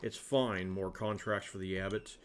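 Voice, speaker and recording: A man reading the lines of a bored, sardonic monk in a flat, plain voice. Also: sits low, moderate pace, a little hiss or hum, voice pushed down, close to an everyday voice. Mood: weary. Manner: dry, flat, unvoiced read. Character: bored male scribe monk, sardonic and blunt.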